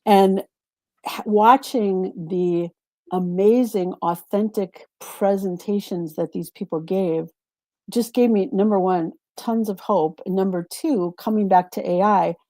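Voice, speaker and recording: A woman's voice: mid-range voice, measured pace, warm tone, dry recording. A woman who coaches presenters, speaking over a video call in a reflective way and repeating words for emphasis. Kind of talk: casual panel chat.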